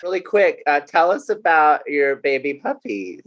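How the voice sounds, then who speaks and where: A man's voice: on the high side, unhurried, a bit bright, dull audio. Male podcast host, enthusiastic and encouraging interviewer. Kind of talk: casual interview chat.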